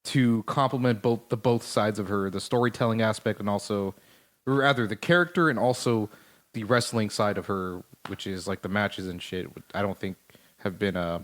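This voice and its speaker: A man's voice: fairly low pitch, moderate pace. A man co-hosting a casual podcast chat, rambling and swearing with many restarts. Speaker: podcast co-host.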